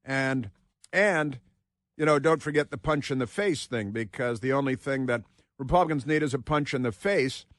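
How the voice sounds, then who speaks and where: A man's voice: mid-range voice, fairly bright tone, no echo. A male radio host speaking into a studio mic, dry and close with no room sound. He holds forth in a sarcastic, opinionated monologue and stretches out the words he wants to land hard. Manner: sarcastic, drawn-out emphatic phrasing. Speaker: radio talk show host.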